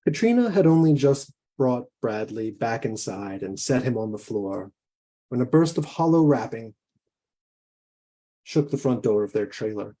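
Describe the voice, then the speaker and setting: A man, a guest author, reading his own fiction aloud in a measured, deliberate way. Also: medium pitch, very animated, mellow.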